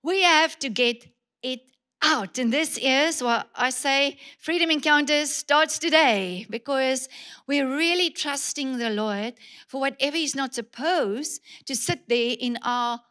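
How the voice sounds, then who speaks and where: A woman pastor with a high voice preaches a sermon. She is emphatic, repeats key words for weight, and keeps asking her congregation direct questions. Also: pushed and bright.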